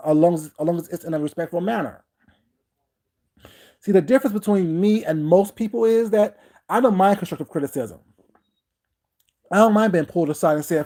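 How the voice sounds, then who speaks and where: Livestream host, heated rant, confrontational, repetitive, greets viewers by name, middle pitch. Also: a little mellow.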